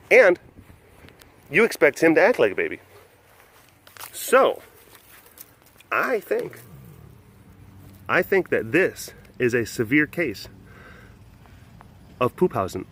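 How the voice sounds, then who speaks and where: A man's voice: medium pitch, big pitch swings, slow, pauses often, a bit bright. A man hosting a casual webcast from an animal facility, rambling, laughing often, and cooing at the animals. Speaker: vlog host at a wild animal facility.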